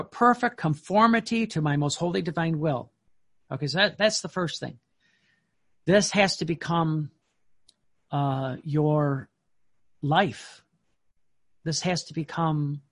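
A man preaching a sermon, reading devotional passages slowly and breaking into emphatic, excited commentary. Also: fairly high pitch. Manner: emphatic, swings from slow reading to excited outbursts.

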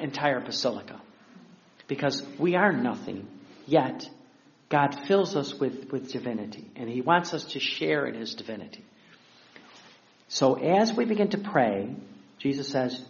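A man preaching a conversational sermon, acting out quotes and chuckling as he goes. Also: medium pitch. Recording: dull lo-fi recording.

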